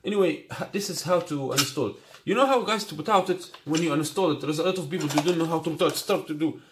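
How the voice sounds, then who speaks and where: A man with a voice on the high side talks at a quick pace, reviewing a scooter in a casual unboxing demo. An Arabic speaker using non-native English, this product reviewer keeps checking "you got me?", in an echoey room with faint noise.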